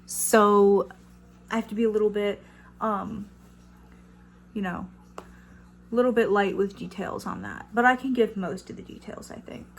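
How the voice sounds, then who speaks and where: A woman's voice: mid-range voice, steady tone, measured pace, gravelly, long pauses. A young woman in her twenties telling a casual storytime vlog, chatty, with lots of fillers and some swearing. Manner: chatty, many fillers, swears when riled. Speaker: vlogger.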